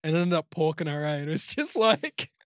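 A man's voice: on the high side, very animated, fairly quick, no echo, studio quality. Crude, rambling Australian man. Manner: crude, swears often, full of "like". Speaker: podcast co-host. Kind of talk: casual chat, rambling anecdote.

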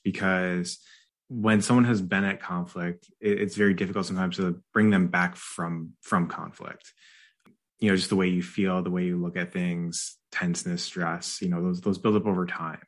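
A military veteran interviewing a guest, speaking haltingly with many fillers and repeated words. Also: male voice, low-pitched. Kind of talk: conversational questions.

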